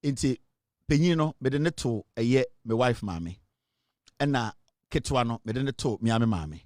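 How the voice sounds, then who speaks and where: A middle-aged Ghanaian man hosting a live online political show, an animated storyteller who switches between Twi and English and laughs often. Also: mid-range voice, normal speed, no room sound, clean studio sound. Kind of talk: lively livestream commentary.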